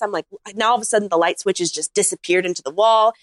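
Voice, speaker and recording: A woman, a podcast guest, telling a comic story in a casual, animated way with lots of "like.". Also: mid-range voice, fast talker, no echo, studio quality. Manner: animated anecdote-teller, heavy use of "like".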